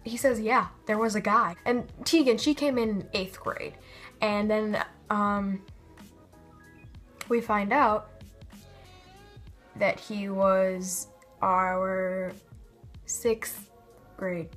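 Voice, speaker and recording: A young woman tells stories in a casual vlog, rambling and stopping herself to act out what people said. Her voice sits in an ordinary middle pitch. Faint music plays behind her. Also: fairly even intonation, extremely slow, long pauses, fairly bright tone. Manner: rambling, self-interrupting, acts out quotes. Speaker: vlogger.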